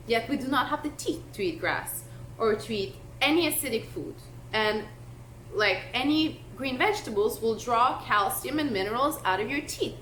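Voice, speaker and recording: Young woman ranting to camera, kinda high voice, echoey room. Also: a bit bright. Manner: passionate, emphatic, lots of "like". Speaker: vlogger. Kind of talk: casual talk to camera. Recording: echoey room, faint noise.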